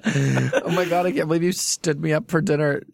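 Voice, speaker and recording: A man's voice: a little high, steady tone, moderate pace, vocal fry. A man co-hosting a podcast, teasing his friend in casual chat. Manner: teasing, wry. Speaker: podcast co-host.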